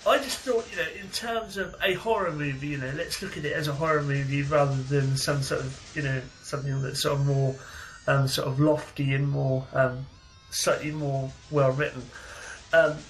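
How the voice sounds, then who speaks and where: A man co-hosting a horror podcast, speaking in a measured, thoughtful way with frequent pauses. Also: on the high side, steady tone, soft background music, rough recording. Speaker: podcast co-host. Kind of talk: casual chat.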